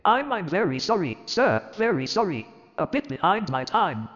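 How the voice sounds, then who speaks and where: A timid, apologetic clerk who stammers nervously, voiced by a man well above his own pitch. The sound is reverberant and dull. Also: very animated, moderate pace, a bit bright.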